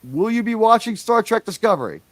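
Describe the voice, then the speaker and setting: A man's voice: high voice, sing-song, brisk, dry recording. A man hosting a casual livestream, rambling and chatty, with enthusiastic, profane asides. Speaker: livestream host.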